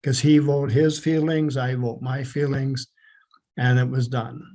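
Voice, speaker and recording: An older man from Canada speaks as a guest on a podcast. He tells a story earnestly, stopping and restarting, and his moderate-pitched voice carries quiet emotion. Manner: earnest, halting, emotional retelling. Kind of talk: storytelling in an interview.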